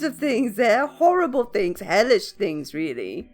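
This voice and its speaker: A woman playing a character in a tabletop role-playing game, urgent and expressive, with soft music underneath. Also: medium pitch, a little slow. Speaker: player.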